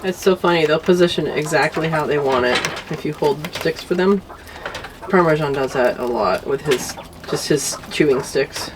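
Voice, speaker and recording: A woman's voice: sits low, normal speed, background noise. A woman giving a casual walkthrough of her garden and animals, chatting as she goes and talking sweetly to her pets. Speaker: homesteading vlogger. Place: outdoor yard and garden.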